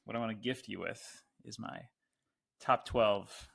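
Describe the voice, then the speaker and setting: Man with gravelly fry, podcast guest, loose and playful, acts out calls. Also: fairly low pitch, fairly even intonation, a little slow, a bit bright. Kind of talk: casual podcast chat.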